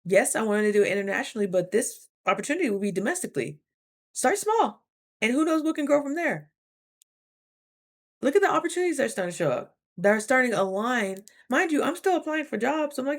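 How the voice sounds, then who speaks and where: A young woman vlogging casually, chatty and animated, acting out her own thoughts in quick asides. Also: sits high, vocal fry. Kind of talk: casual talking-to-camera vlog.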